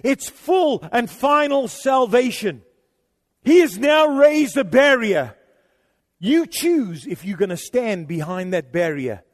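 A man preaching a sermon, animated and emphatic, swinging from quiet asides to shouted points. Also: very high voice, in a large hall. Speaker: pastor.

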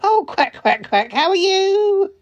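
A high, bouncy quacking duck fellow, acted by a woman, gushing over everything and dropping quacks between his words. His voice swoops up and down in a lazy, unhurried sing-song. A comedy podcast sketch character, full of eager delight. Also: very animated, lo-fi sound, full character voice. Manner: gushing, sprinkles quacks through every line. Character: cheerful eager male talking duck.

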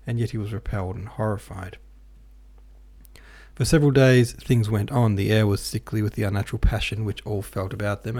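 A man reading a classic novel aloud as an audiobook narrator, with a measured, even delivery. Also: lowish voice, husky. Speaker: podcast host and audiobook reader.

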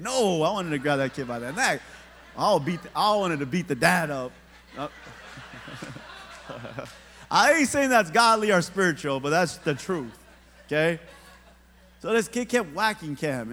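A middle-aged man preaches in a church sanctuary, his voice a bit high for a man. He tells stories with easy humor and keeps checking in with the crowd. A long reverb trails each phrase. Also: animated, moderate pace, a bit bright. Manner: casual storytelling preaching with humor, talks to the congregation. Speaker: pastor. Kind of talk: sermon.

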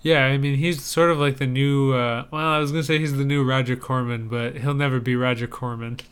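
A man in relaxed podcast banter with a smooth, resonant voice. He talks loosely, filling gaps with likes and ums. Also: medium pitch, fairly quick. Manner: conversational, lots of likes and ums. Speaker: podcast co-host reviewing trailers. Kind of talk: casual chat.

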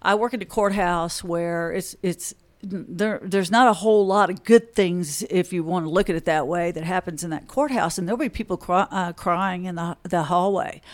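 A woman's voice: lowish voice, normal speed. A woman attorney, a podcast guest, telling stories earnestly and acting out the conversations she retells. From Texas, USA. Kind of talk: podcast interview.

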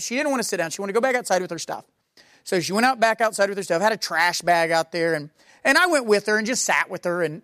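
A man's voice: sits high, fairly bright tone, no room sound, studio quality. A male pastor telling a story to his congregation in a conversational, rambling way with many fillers and restarts. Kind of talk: sermon storytelling.

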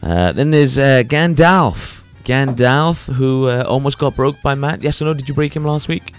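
A man's voice: mid-range voice, moderate pace, smooth, faint music behind. A man co-hosting a podcast, bantering crudely and laughing in casual chat. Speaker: podcast co-host.

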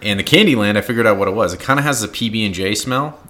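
Man, podcast co-host, lowish voice, bright and forceful, playful, rambling, casual chat. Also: rapid-fire. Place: loft converted into a studio.

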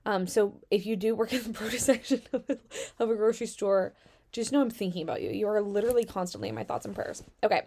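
A woman from Southern Virginia, speaking with a Southern American accent, reads out customer stories and reacts with sarcastic, chatty commentary, swearing freely. Her voice is medium-pitched and mellow, and she talks fast.

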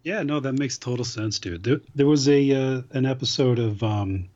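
A man's voice: medium pitch, moderate pace, darkish tone, dull audio. A man hosting a podcast in casual chat, rambling and wry with some profanity. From now living in California. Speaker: podcast host.

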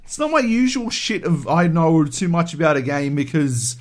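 A man's voice: on the high side, big pitch swings, normal speed. A man co-hosting a podcast, ranting animatedly and swearing a lot in casual chat. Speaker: podcast co-host.

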